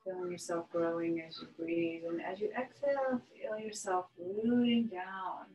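Soft-spoken woman guiding a meditation. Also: lowish voice, steady tone, muffled recording. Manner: soft, slow, soothing instructions with long pauses. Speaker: yoga teacher. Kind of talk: guided meditation.

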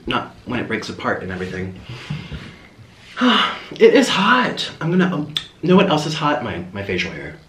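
A man's voice: mid-range voice, a bit bright, a little hiss or hum. Young guy mukbang host, rambly and chatty, really bouncy voice. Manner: rambling, chatty, talking between bites. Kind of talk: casual chat while eating on camera. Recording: roomy echo.

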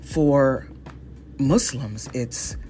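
She speaks extremely slowly at an extremely low pitch, her tone mellow, with soft music in the background. The speaker is a Northeast Ohio woman in her forties hosting a casual solo podcast, chatting away self-deprecatingly and laughing frequently.

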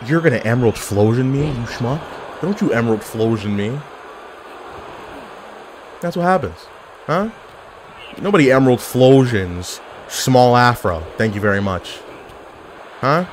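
Animated man reacting to an online game. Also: mid-range voice, unhurried, long pauses, noisy background. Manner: animated, yelling at the game, joking. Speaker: gaming YouTuber. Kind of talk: casual gameplay commentary.

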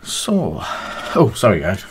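A man's voice: fairly low pitch, huge pitch swings, takes it slowly, a little hiss or hum. A man chatting casually on a live stream while painting miniatures, thinking aloud in a rambling, half-mumbled way.

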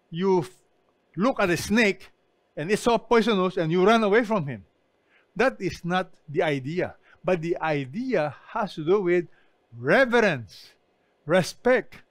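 A man's voice: sits high, no echo. A man preaching an online sermon as pastor, emphatic and often asking his listeners questions. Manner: emphatic, asks the congregation questions.

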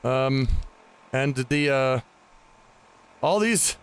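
A man's voice: mid-range voice, expressive, extremely slow, smooth. A man giving casual, rambling commentary on his own gameplay, chatting aloud to the enemies he fights. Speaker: gaming host.

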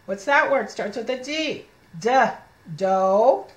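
Slow, encouraging woman reading teacher. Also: fairly high pitch, reverberant, poor audio. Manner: sounds out letters slowly, encouraging and animated. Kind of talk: read-aloud lesson for young children.

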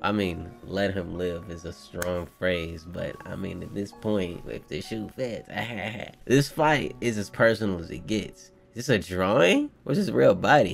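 A man giving live, slang-heavy reaction commentary, reading character lines aloud in his own voice and shouting with laughter when he gets hyped. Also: lowish voice, lively intonation, unhurried, vocal fry, faint music behind. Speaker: manga reaction streamer.

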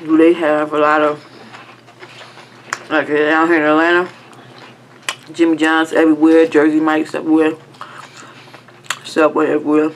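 This woman hosts a mukbang, chewing as she talks and frequently humming with enjoyment during a casual eating chat. Her deep voice is completely flat, at a normal speed with frequent pauses. A little hiss or hum runs under the audio.

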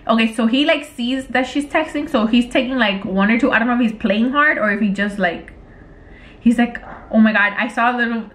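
A pregnant woman vlogging in casual chat, exasperated and expressive, with lots of fillers and swearing. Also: fairly high pitch, roomy sound. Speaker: vlogger, prank channel co-host. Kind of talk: casual vlog chat while texting.

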